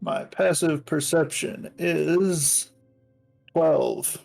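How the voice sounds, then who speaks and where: A man's voice: on the high side, very slow, creaky, a little mellow, faint music behind. A man playing a tabletop game, laid-back and drawling. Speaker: player.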